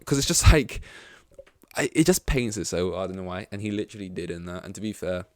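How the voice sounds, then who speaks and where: A man's voice: low-pitched, expressive, fairly quick, no room sound. A man hosting a podcast in casual chat, rambling with lots of fillers and swearing. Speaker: podcast host.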